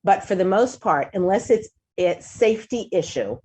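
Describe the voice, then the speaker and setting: A woman hosting a talk show, giving casual advice in an animated way, often restarting sentences and acting out quotes in a higher voice. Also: moderate pace, slight background noise.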